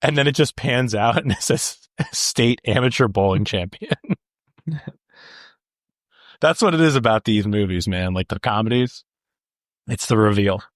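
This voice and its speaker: A young man with a low-set voice chats casually on a podcast, laughing often as he retells scenes. He says "like" and "dude" constantly, and the sound is dry and close. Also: moderate pace, long pauses, no echo. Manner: laughs often, animated, quotes movie lines. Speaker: podcast co-host. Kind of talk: casual movie chat.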